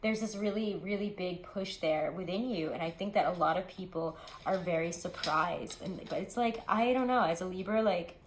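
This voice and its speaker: Woman tarot reader, low-pitched, chatty and rambling, echoey room. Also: normal speed, few pauses, a little hiss or hum. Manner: chatty, rambling, many "like"s and asides. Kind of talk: casual tarot reading to camera.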